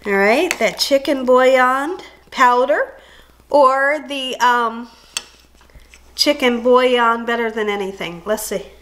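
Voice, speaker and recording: A woman's voice: on the high side, takes it slowly, fairly bright tone. A woman hosting a home cooking show from her kitchen, bubbly and folksy, calling her viewers guys and honey.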